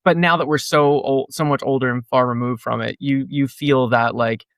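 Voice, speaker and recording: A man's voice: medium pitch, steady tone, normal speed, a bit bright, clean tone, no room sound. A man in his thirties from New Jersey, a guest musician chatting casually in an interview, rambling with lots of "like" and acting out quotes. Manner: rambling, heavy "like" fillers, acts out quotes.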